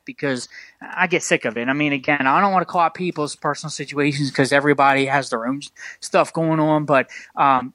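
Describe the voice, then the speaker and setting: A man's voice: a little high, fairly bright tone, no echo. A man co-hosting a casual sports podcast, talking with passion in a rambling way, full of fillers. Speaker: podcast co-host.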